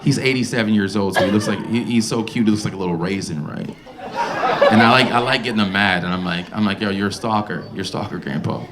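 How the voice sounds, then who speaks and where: A male stand-up comedian on a club stage, animated and incredulous, talking into a handheld mic over loud audience laughter. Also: fairly low pitch, fast talker, over a noisy crowd, heavy background noise.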